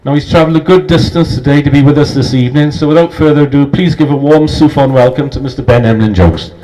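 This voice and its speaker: A man's voice: fairly high pitch, fast talker, warm tone, rough recording. Man formally introducing a guest speaker. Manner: formal, announcing. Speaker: host. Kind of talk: reading an introduction. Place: pub function room.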